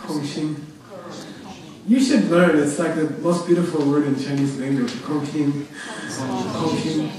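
A man with a slightly raised voice teaches a Buddhist text to a class. He explains terms slowly and keeps checking in with "okay?". The recording is distant and very echoey, with students audible in the room. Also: fairly high pitch, crowd noise. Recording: echoey hall, distant mic. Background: audience of students.

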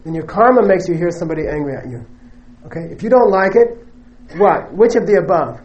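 A man's voice: high-pitched, animated, a little fast, darkish tone, lo-fi sound. A man giving a Buddhist teaching to a live audience, conversational and joking, who often stops to check in with "okay?" and "you know". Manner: joking, emphatic asides.

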